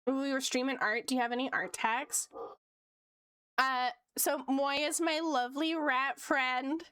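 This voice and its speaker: Young woman art streamer, high voice, giggles a lot, chatting w/ chat, dry mic. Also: fairly even intonation, measured pace, sharp tone, no room sound.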